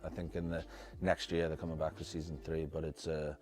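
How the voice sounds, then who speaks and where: Deep-voiced rambling British man. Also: completely flat delivery, fairly quick, darkish tone. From United Kingdom. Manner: rambling, many fillers and restarts, easygoing. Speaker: guest, actor and filmmaker. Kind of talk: casual interview chat.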